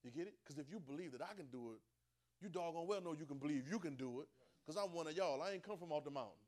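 Dialect-speaking preacher swinging from soft to loud. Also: male voice, fairly high pitch, animated, fast talker. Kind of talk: sermon.

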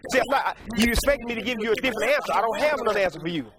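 High-voiced preacher before a loud congregation. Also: male voice, expressive, rapid-fire, a crowd in the background. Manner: repetitive, folksy, breaks off to correct himself, laughs at his own stories. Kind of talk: sermon. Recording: congregation heard behind.

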